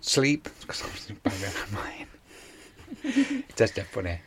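A man's voice: lowish voice, huge pitch swings, normal speed, noisy background. A man, casually retelling a TV episode on a podcast, rambling with many fillers. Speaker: podcast co-host. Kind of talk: casual chat.

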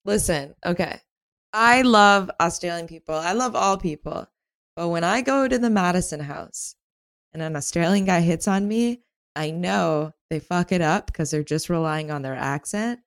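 A woman guest in a comedy chat, telling stories in an animated way. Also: fairly low pitch, moderate pace. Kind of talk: casual comedic banter.

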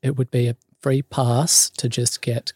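This man has a medium-pitched, darkish, husky voice with flat delivery at a measured pace, on a dry, clean studio recording. As an Australian podcast guest, he tells a long story in casual chat, rambling with frequent ums and likes and free-flowing swearing.

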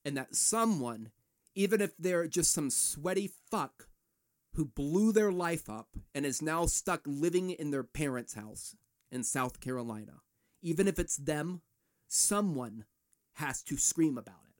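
A man's voice: fairly high pitch, lively intonation, measured pace. A man hosting a solo podcast, ranting in a fired-up, profane way. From United States. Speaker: podcast host.

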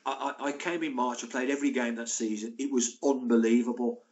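A man in his sixties talks as a podcast guest, recalling his playing days. His mid-range voice rises into animated, laughing storytelling as the anecdotes build. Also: medium pitch, a little fast. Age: 60s. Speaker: former footballer, guest. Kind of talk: casual storytelling.

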